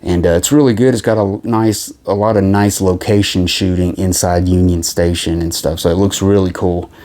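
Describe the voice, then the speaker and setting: A man's voice: low-pitched, fairly even intonation, normal speed, warm tone. A man casually reviewing movies from his collection, rambling with lots of fillers and restarts. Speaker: film collection vlogger.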